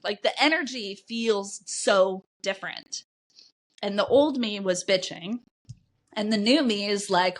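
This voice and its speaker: A woman's voice: medium pitch, measured pace, a bit bright. Frank, swearing woman coach. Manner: frank and informal, swears freely, many "like" and "right?" asides. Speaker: life coach, podcast host. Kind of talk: candid solo podcast monologue.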